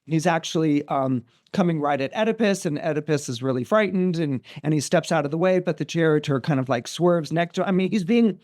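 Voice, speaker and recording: A man, a guest astrologer, retelling a myth in a casual, animated way with many restarts and asides. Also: on the high side, fairly quick, few pauses. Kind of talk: casual podcast storytelling.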